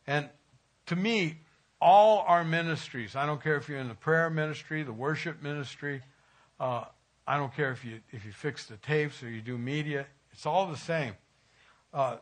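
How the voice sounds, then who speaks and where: A man's voice: medium pitch, a bit bright. Folksy man giving an informal sermon. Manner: folksy, conversational, with chuckling asides. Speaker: church speaker.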